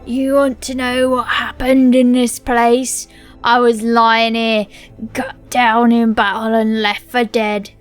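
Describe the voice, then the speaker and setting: A wounded, greedy orc grumbles his demands in a rough mock-Cockney voice, with a woman doing the voice. The pitch stays fairly high, and the delivery is slow and deliberate, with faint game music behind. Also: little pitch movement. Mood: bitter. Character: wounded, greedy male orc, vengeful and scornful. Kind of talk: reading game quest dialogue aloud.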